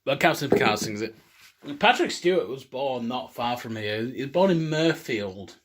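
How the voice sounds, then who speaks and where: Rambling sweary man, lively pitch. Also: moderate pace. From England. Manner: swears a lot, rambling and self-mocking. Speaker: cocktail video host. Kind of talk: rambling casual monologue.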